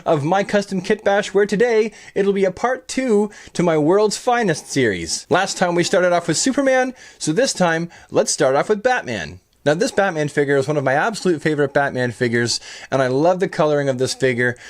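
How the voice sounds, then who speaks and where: A man's voice: a little high, lively intonation, normal speed. A man narrating a toy showcase, chatty and upbeat, with playful puns. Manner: chatty, upbeat and pun-loving. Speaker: toy collector reviewing custom action figures.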